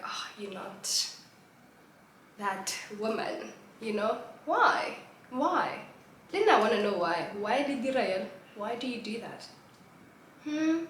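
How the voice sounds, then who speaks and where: A young woman with a South African accent talks casually about language, sliding between English and Setswana and breaking into laughs. Her voice sits on the high side. The room gives it a noticeable echo, with faint ambient noise underneath. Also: fairly bright tone. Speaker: host. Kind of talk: casual talk explaining sociolinguistics. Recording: roomy echo.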